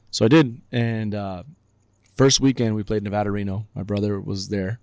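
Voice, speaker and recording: Low gravelly guy on a podcast, talks fast, dry close mic. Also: no echo. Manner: animated, acts out quotes with raised voice. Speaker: guest, baseball director. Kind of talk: casual storytelling in a podcast interview.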